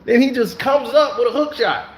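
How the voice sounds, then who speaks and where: A man casually telling stories to camera, animated, laughing often and acting out other people's lines. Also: very high voice, moderate pace. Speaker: host. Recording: roomy echo.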